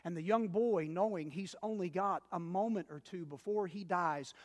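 A male pastor preaching a sermon, telling a story dramatically with big swings between loud and hushed. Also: sits high, moderate pace, few pauses. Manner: addresses listeners as "dear ones". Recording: long reverb of a large hall.

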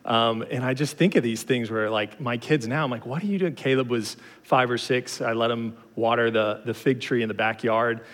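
Male pastor, 30s, mid-pitched, relaxed sermon delivery with fillers, recorded in a reverberant hall. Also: moderate pace, few pauses. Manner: casual, conversational storytelling with frequent fillers.

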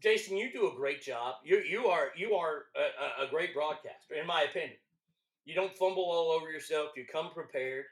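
A man from Texas with a Texas accent, a longtime radio host chatting loudly on a podcast, swearing and stumbling over restarts. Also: a little high, brisk, roomy sound. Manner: loud, profane, stammering restarts. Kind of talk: casual podcast chat.

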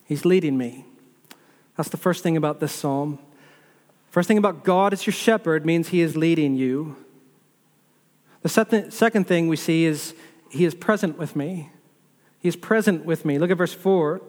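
A man's voice: high voice, moderate pace. A man preaching a sermon as pastor, building repetitive lists and asking the listeners rhetorical questions. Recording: long reverb of a large hall.

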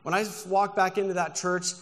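Brief: male preacher, slightly higher voice, emphatic and earnest, long church-hall reverb. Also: steady tone, moderate pace, a bit bright. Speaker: guest pastor. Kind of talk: sermon. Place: church sanctuary.

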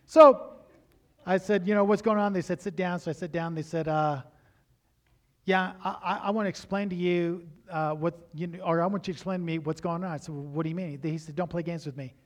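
A middle-aged man delivers a sermon in a noticeably high voice. He tells stories with lively energy and acts out the dialogue as he goes. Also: brisk. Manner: animated storytelling, acts out dialogue. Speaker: preacher.

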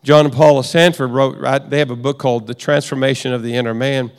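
A man's voice: medium pitch, steady tone, fast, clean tone, big-room sound. A middle-aged man teaching a sermon in a conversational way, often repeating and restarting phrases. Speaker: preacher.

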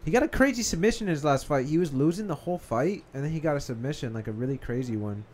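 A man hosting a casual chat and breaking in with quick play-by-play remarks on a fight. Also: fairly high pitch, lively intonation, darkish tone. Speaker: host. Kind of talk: casual chat while watching a live fight stream.

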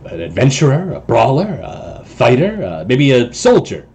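A man's voice: mid-range voice, huge pitch swings, normal speed, darkish tone, slightly rough, heavily acted. A man voicing a nervous, formal male house servant in a tabletop game, speaking hesitantly and adding "sir" often. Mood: deferential.

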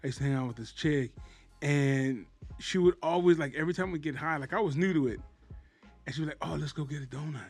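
A man with a slightly high voice swaps laid-back, profane stories in casual chat. His talk is easygoing and unhurried. Faint music sits behind him. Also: darkish tone.

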